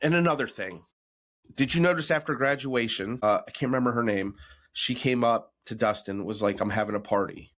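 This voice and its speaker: A man co-hosting a podcast in casual chat, talking bluntly with mocking, animated rants. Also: medium pitch, fairly quick. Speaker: podcast co-host.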